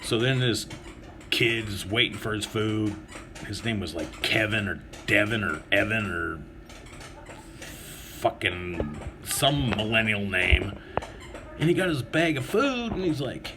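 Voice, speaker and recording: A man's voice: medium pitch, very animated, measured pace, long pauses, fairly bright tone. Man, profane vlog rant, sarcastic, crude storytelling, constant swearing, noisy background. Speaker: vlogger.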